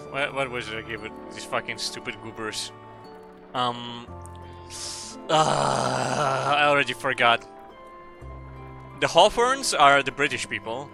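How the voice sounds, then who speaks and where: A male streamer chats with his viewers while he plays. He rambles and jokes with a lot of swearing. The voice is bright and strained, and the pitch sits in a middle range with faint game music behind it. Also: measured pace, creaky, long pauses. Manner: profane, rambling, joking. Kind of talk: casual gaming stream chat.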